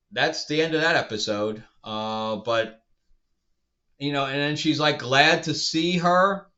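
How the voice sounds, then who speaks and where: A man's voice: medium pitch, sharp tone, dull audio. A man reviewing a show in a casual vlog, exasperated and sarcastic, rambling with restarts.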